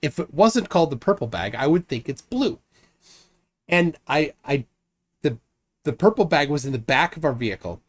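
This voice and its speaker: Animated rambling male streamer. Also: on the high side, moderate pace. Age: adult, married. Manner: rambling with frequent restarts and fillers. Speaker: streamer host reading live chat. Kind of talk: casual live-stream chat.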